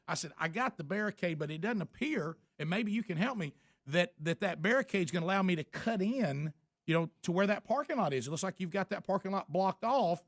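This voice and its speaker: A man's voice: sits high, expressive, a little fast, no room sound, clean studio sound. A man, a radio show host, telling a story in casual talk and acting out both sides of a quarrel with many restarts.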